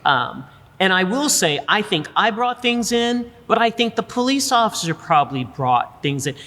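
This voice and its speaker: A woman's voice: medium pitch, normal speed, a little hiss or hum. Emphatic American woman in a reverberant room. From United States. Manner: emphatic, animated storyteller, drawling "y'all", asks "right?". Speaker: guest, business school dean. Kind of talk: candid conversational interview.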